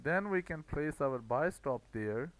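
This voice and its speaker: A man's voice: fairly high pitch, lively intonation, a little slow, rough recording. A man streaming live trading commentary, thinking aloud and breaking into swearing rants when he gets worked up.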